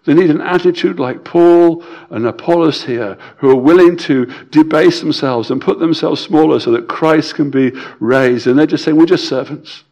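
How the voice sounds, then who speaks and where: Emphatic preacher man, fairly high voice. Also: normal speed, hardly any pauses. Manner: emphatic, repeats key phrases, swings between loud and quiet; stammers and restarts. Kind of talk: sermon.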